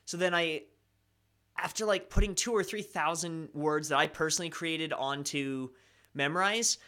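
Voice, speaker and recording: A man's voice: fairly high pitch, moderate pace, bright, forceful tone. A young man hosting a casual live stream, chatting loosely and reading viewer comments with a self-deprecating, rambling manner.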